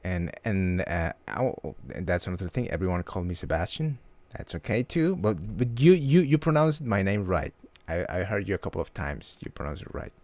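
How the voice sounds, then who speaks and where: A man chatting casually on a livestream, halting and restarting his words often. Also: sits low, big pitch swings, a little mellow, no echo. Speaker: livestream host.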